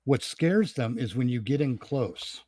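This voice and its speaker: A man's voice: medium pitch, lively intonation, measured pace, darkish tone, slightly rough, dry recording. A man hosting a casual podcast chat, ranting bluntly and swearing freely. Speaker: podcast host.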